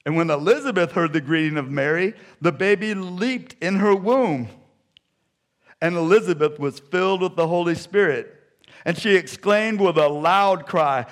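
A male pastor delivering a sermon in a fairly high voice. He moves between lively, playful storytelling and soft, intimate appeals to his listeners. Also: normal speed. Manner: animated storytelling that drops to soft, hushed appeals.

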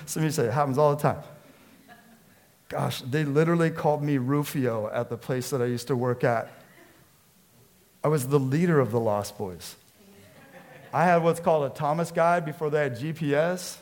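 A man, a pastor from the Seattle area, preaching a sermon with lively storytelling and acted-out quotes. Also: a little high, moderate pace. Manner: storytelling, animated, acts out quotes.

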